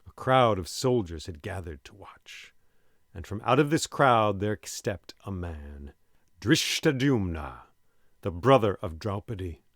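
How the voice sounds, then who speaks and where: A man telling an epic tale aloud in an expressive, dramatic way. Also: fairly low pitch, measured pace, dry recording, clean studio sound. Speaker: storyteller. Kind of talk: oral storytelling.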